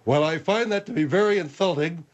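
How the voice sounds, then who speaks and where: A man voicing a pompous, indignant general with a squeaky, lisping voice that keeps cracking. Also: fairly quick, natural voice. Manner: indignant, blustering. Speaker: comic radio character.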